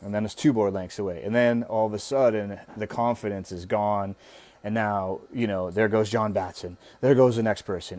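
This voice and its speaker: A man talking as guest host in a casual live-stream coaching talk, relaxed and conversational, now and then acting out an anxious inner voice. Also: fairly low pitch, no room sound.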